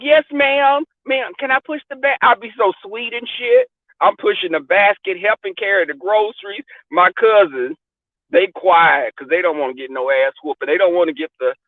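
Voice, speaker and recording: A man chatting candidly as a podcast host, blunt and profane, telling lively stories. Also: high-pitched, dry recording. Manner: blunt, profane, animated storyteller. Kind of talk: candid casual chat. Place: car. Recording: dry tinny phone-like sound.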